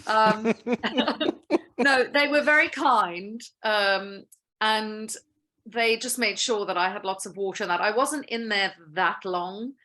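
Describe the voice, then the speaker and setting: A woman guesting on a casual interview, speaking over a video call. She tells stories in a lively, playful way and laughs often, at a middle pitch. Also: takes it slowly. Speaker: guest actress.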